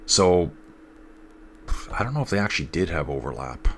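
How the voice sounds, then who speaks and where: A man with a very low voice talks casually through a live race, his nose a bit stuffed up. He keeps an easy, chatty flow, reading out comments from viewers as he goes. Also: big pitch swings, moderate pace, a little hiss or hum.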